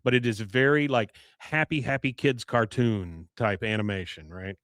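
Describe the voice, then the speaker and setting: A man's voice: fairly low pitch, normal speed, a bit bright, no room sound. Guy hosting a podcast, casual recap, laughs a lot, dry studio sound. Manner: chuckles often, reads show quotes aloud. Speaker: podcast host. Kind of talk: casual episode recap chat.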